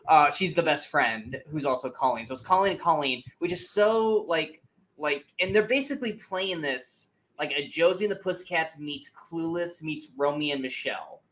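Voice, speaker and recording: A man's voice: a little high, moderate pace. A man co-hosting a casual movie review podcast, ranting animatedly and swearing freely as he picks a film apart. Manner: animated, profane ranting with mocking asides. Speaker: podcast co-host.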